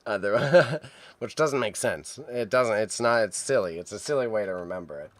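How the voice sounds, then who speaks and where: A man, chatting casually on a co-working stream and thinking aloud as he works, sounding a little phlegmy and clearing his throat. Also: on the low side, normal speed, no room sound. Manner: relaxed, self-mumbling, thinks aloud while typing. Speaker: streamer and reseller. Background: keyboard typing.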